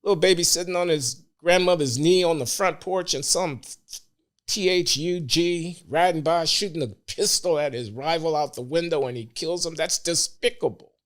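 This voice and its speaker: An older man, a podcast guest, speaking in a measured, deliberate way that becomes emphatic. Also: a little high, fairly bright tone. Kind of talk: interview conversation.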